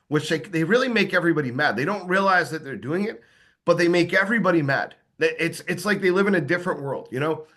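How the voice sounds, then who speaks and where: A man's voice: sits high, sharp tone. A man giving a casual sales training talk, acting out sample lines of dialogue, with plenty of fillers and restarts. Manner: conversational, acts out sample dialogue, many fillers.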